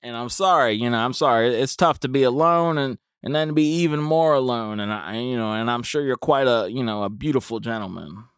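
A young man hosts a laid-back podcast in a loose, rambling way, stopping often to restart his thoughts. His voice has a gravelly fry running through it. The sound is close and dry, with no room around it. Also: medium pitch, fairly quick, hardly any pauses, no echo. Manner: rambling, full of fillers and restarts. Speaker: podcast host. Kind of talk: casual podcast chat.

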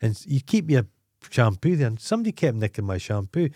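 A man's voice: mid-range voice, sing-song, fast, warm tone, no echo, clean studio sound. A Scottish man co-hosting a podcast, telling crude, blunt stories in casual chat. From Scotland. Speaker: podcast co-host.

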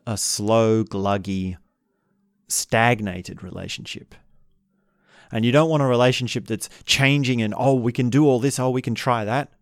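A man calmly teaching about relationships in an unhurried, reflective way, sometimes acting out what couples say. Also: medium pitch, gravelly, no room sound, studio quality. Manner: calm, unhurried, acts out quoted couples.

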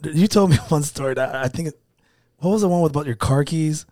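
Man, podcast host, casual interview, eager questions, slightly high voice, dry sound. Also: brisk, a little mellow, no echo.

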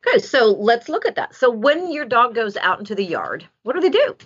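A woman dog trainer giving casual, animated advice and acting out what a dog might say. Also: fairly high pitch, a little fast, breathy edge. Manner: animated, acts out dog voices. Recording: dull lo-fi sound.

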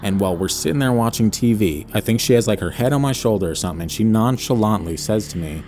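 A man's voice: lowish voice, animated, quick pace, hardly any pauses, darkish tone, soft background music. A man co-hosting a podcast, telling a personal story in a rambling casual way full of fillers. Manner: rambling, hedging with many fillers. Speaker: podcast co-host.

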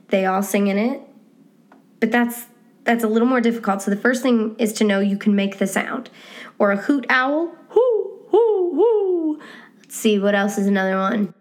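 A woman voice teacher giving a casual, encouraging podcast lesson on singing, now and then dropping into high demonstration sounds.

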